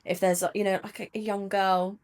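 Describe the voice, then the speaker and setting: A woman's voice: medium pitch, level tone, normal speed, a little mellow. A woman hosting a podcast interview, asking questions in an encouraging way. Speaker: podcast host. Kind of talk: interview conversation.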